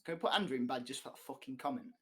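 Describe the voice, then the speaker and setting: A man's voice: medium pitch, racing, a bit bright, poor audio. Blunt, sweary young Englishman. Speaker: podcast co-host. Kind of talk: casual chat.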